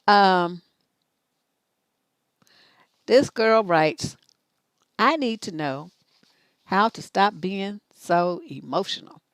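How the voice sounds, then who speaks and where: A woman's voice: mid-range voice, lively intonation, drawn-out words, pauses often, clear, resonant tone, no echo. A middle-aged woman hosting a live relationship advice stream, blunt, profane and scolding, acting out both sides of conversations. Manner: acts out both sides of dialogues.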